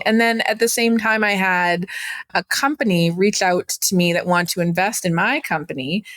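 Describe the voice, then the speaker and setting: A woman in her thirties from Canada, telling her story in a chatty, animated way as a guest on an interview podcast. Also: medium pitch, moderate pace, no echo. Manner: animated, chatty, acts out quoted voices. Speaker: guest entrepreneur.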